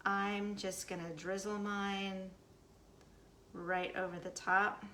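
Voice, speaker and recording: A woman's voice: mid-range voice, little pitch movement, slow, pushed and bright, slight background noise. A woman hosting a casual cooking demonstration at home, chatty and upbeat as she talks straight to her viewers. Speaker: host of a recipe demo. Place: at home in the US Midwest.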